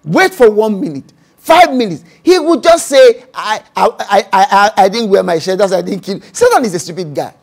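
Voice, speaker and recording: A man's voice: high voice, animated, moderate pace, vocal fry. A man with a Nigerian accent, a pastor preaching a sermon and acting out voices and speaking in tongues.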